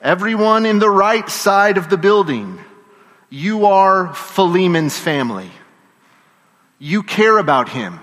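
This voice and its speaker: A man's voice: high voice, very animated, slow pace, fairly bright tone. A man preaching a sermon, telling the story with energy and getting the congregation to call out responses. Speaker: pastor. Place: church. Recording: long reverb of a church hall.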